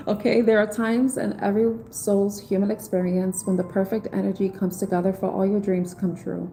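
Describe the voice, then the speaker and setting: A woman's voice: mid-range voice, little pitch movement, normal speed, vocal fry, mellow, soft background music, low-quality recording. A woman giving a live-streamed tarot reading in a casual, heartfelt way. She reads passages from an oracle book and then explains them in her own words. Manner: casual, heartfelt, spiritual encouragement. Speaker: tarot reader.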